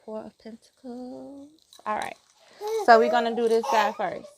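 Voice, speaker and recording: A woman's voice: on the high side, little pitch movement, measured pace, creaky. A woman chatting casually to her viewers about a tarot deck. She rambles, laughs often and breaks off to talk to her child. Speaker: tarot vlogger. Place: outdoors. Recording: noisy outdoor recording.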